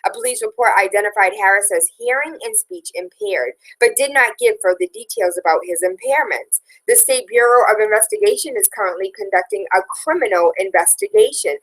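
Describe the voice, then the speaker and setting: A woman's voice: medium pitch, expressive, fairly quick, hardly any pauses, fairly bright tone, low-quality recording. Woman, talk show host, reads headlines, sarcastic asides, opinionated, casual. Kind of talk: casual news commentary.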